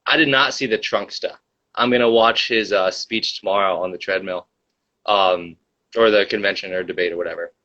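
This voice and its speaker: A man's voice: sits low, fairly even intonation, moderate pace, pushed and bright, highs cut off. A young man hosting a casual livestream, telling a rambling story full of fillers and reading the chat.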